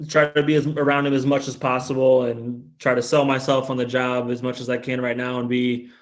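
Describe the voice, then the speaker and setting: A mid-pitched man from Indiana, a coach calling in to a podcast. He talks in a hesitant, searching way, restarting his sentences as he goes. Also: level tone, a little fast. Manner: hesitant, full of restarts and hedges. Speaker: caller, basketball coach. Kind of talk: casual conversation.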